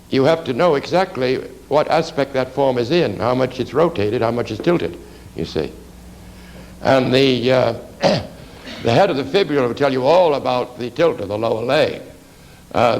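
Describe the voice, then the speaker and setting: A man giving an art anatomy lecture while drawing, halting with many "you see" asides and dry remarks to the class. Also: medium pitch, creaky, low-quality recording.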